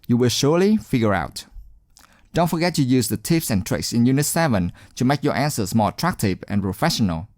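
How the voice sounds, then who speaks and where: A man teaching exam speaking skills in scripted narration, encouraging and deliberate, stressing key words. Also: mid-range voice, very animated, darkish tone, no echo, clean studio sound.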